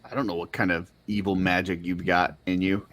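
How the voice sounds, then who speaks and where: A man speaks gruffly and matter-of-factly as a tabletop player. His voice sits low. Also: little pitch movement, a little fast, a bit bright. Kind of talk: tabletop role-play.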